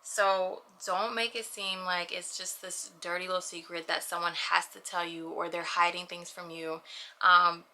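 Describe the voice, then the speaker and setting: A young woman vlogging in a relaxed, chatty way, speaking straight to her viewers. Her voice is very bright and forward. She talks animatedly, often checking in with her audience as she goes. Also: lowish voice, moderate pace. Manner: animated, chatty, lots of "you know what I mean". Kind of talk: casual personal vlog.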